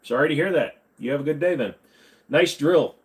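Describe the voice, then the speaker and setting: A man's voice: on the high side, expressive, normal speed. A man hosting a casual livestream Q&A, reading chat questions aloud, joking and rambling, correcting himself as he goes. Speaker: host.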